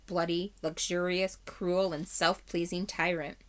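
A woman's voice: on the low side, little pitch movement, measured pace, natural voice. A woman reading aloud and voicing a young king who speaks in a formal, old-fashioned way. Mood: grave.

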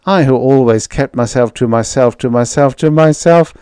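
A man's voice: mid-range voice, normal speed, dark tone, clear, resonant tone, no room sound, studio quality, voice pushed up, lightly acted. A man voicing a frightened recluse who frantically repeats himself as he unravels in an audiobook story. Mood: panicked.

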